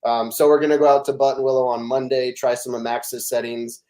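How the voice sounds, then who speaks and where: Middle-aged guy on a podcast, rambly animated storyteller, ordinary mid pitch. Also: fairly quick. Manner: animated storytelling, fillers and restarts. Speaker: podcast guest. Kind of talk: casual chat.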